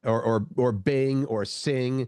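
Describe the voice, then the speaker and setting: A man's voice: mid-range voice, lively intonation, brisk, no echo, clean studio sound. A man co-hosting a morning show, chatting casually and searching for his words as he rambles along. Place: radio studio.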